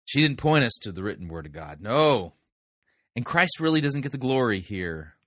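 A man reviewing a sermon in measured, pointed commentary, letting his voice drop low on key points. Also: sing-song, a bit bright, no room sound, clean studio sound. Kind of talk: critical commentary.

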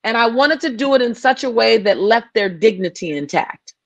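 A woman's voice: fairly high pitch, lively intonation, normal speed, no room sound. Passionate woman director speaking in an interview. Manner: passionate, repeats and restarts phrases. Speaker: filmmaker guest. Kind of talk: interview conversation.

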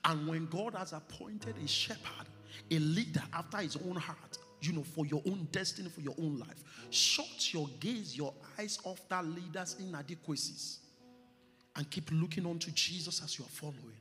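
Pastor preaching in a reverberant hall. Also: male voice, on the high side, bright, forceful tone. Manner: preaching with rising emphasis and slow stressed phrases. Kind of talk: sermon. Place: church hall. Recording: church hall reverb with music behind.

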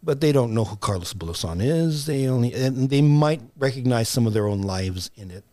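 A man's voice: medium pitch, lively intonation, a little fast, darkish tone, dry recording. An older man, a playwright guest on an interview show, telling stories reflectively, with many fillers and restarts. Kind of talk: conversational interview.

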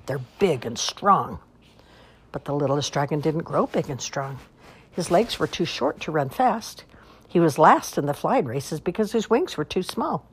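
Lady reading kids books out loud, low husky voice, really bouncy singsong delivery. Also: moderate pace. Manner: expressive, sing-song storytelling. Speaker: storyteller. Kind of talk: reading children's picture books aloud.

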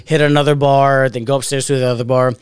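A man's voice: medium pitch, fast talker, a little hiss or hum. A man hosting a podcast, telling a rowdy story in casual chat, swearing freely and acting out what people said. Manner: animated, swears freely, acts out quotes. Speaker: podcast host.

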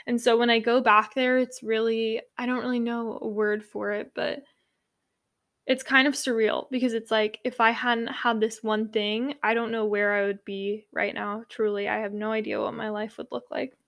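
Young woman, a yoga teacher from California, with a slightly high voice, chatting casually and earnestly with lots of fillers. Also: flat delivery, normal speed, gravelly, a bit bright. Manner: rambling, filler-heavy, earnest. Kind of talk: casual personal storytelling.

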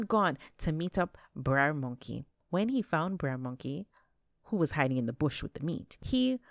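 A woman telling folktales aloud, animated and dramatic, stretching words for effect. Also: low voice, creaky, no room sound, studio quality. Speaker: storyteller. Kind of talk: folktale storytelling.

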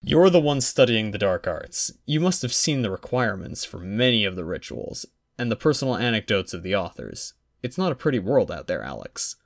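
A man's voice: lowish voice, big pitch swings, fairly quick, vocal fry, hardly any pauses. A man voicing a young boy wizard who answers with dry, patient reasoning.

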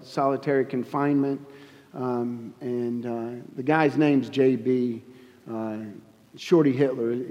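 A man shares his testimony at a church service, earnest and halting, often stopping to restart his sentences. His voice is mellow and dark. The sound is a little dull, with a long reverb from a large hall. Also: medium pitch. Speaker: guest speaker giving testimony.

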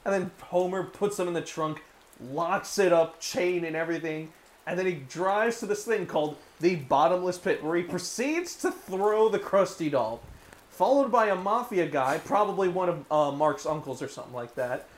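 A man casually recapping a cartoon episode on a podcast, profane and animated, slipping into voices. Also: sits high, moderate pace. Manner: profane, animated retelling with put-on quotes. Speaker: podcast co-host.

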